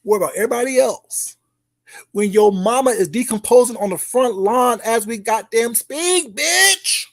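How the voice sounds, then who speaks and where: Taunting and profane, a YouTuber tears into someone in a call-out vlog at a moderate, animated pace. He keeps mocking a name over and over, alternating loud shouts with quiet mutters.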